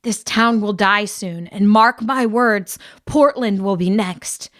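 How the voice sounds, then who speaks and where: A woman's voice: mid-range voice, slow pace, fairly bright tone. A woman reading an audiobook, voicing a worried villager who speaks in a grim, warning way.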